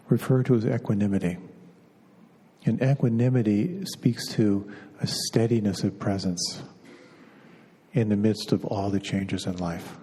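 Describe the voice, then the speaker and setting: A man giving a dharma talk as a meditation teacher, gentle and unhurried, pausing often and repeating words as he searches for them. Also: fairly low pitch, breathy edge. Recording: long hall reverb.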